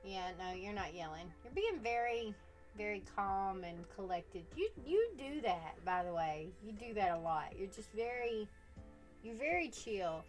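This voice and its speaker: A woman's voice: medium pitch, animated, a little slow, soft background music. A woman casually chatting with her viewers on a live stream, teasing them playfully and laughing often.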